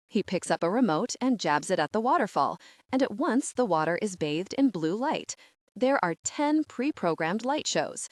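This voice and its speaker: A woman narrating a first-person audiobook in a wide-eyed, expressive way. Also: mid-range voice, normal speed, dry recording, clean studio sound.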